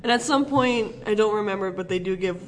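A man's voice: high voice, brisk, a little hiss or hum, low-quality recording. A man co-hosting a podcast, rambling through a film recap in casual chat and laughing often. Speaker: podcast co-host.

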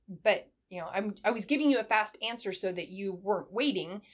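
A woman's voice: medium pitch, fairly quick, few pauses. A middle-aged woman, a former military sergeant, giving advice in a conversational interview and acting out bits of dialogue as she goes. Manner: animated storyteller, acts out dialogue in a brighter voice.

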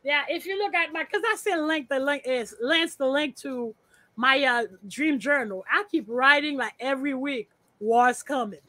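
A woman's voice: high-pitched, moderate pace, pushed and bright, dry recording. A woman guesting on a podcast over a remote call, talking bluntly with profanity and repeating her points. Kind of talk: casual podcast chat.

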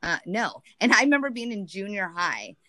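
A woman's voice: medium pitch, very animated, a little fast, pushed and bright. A woman talking candidly and emotionally in a casual chat, rambling with many restarts.

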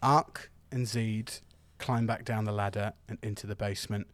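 A man's voice: lowish voice, normal speed. Man running a tabletop game. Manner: relaxed, hesitant with fillers. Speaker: game master.

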